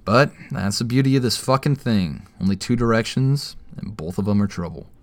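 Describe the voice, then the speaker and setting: A man's voice: lowish voice, animated, moderate pace, dry recording. A man narrating an audio drama in the first person, with a wry, tense inner-monologue delivery.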